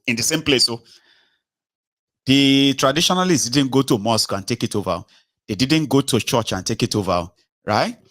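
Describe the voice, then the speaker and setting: A Nigerian man with a Nigerian accent and a low-pitched voice delivers a political monologue as its host. He argues with force, circles back on his points and keeps asking the listener whether they follow. The sound is dry, with no room in it. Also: fairly bright tone, no room sound. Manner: emphatic, argumentative, repeats rhetorical questions to the listener.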